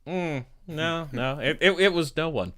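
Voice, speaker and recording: A man's voice: on the high side, unhurried, pushed and bright. A man in casual political banter, mocking and laughing often.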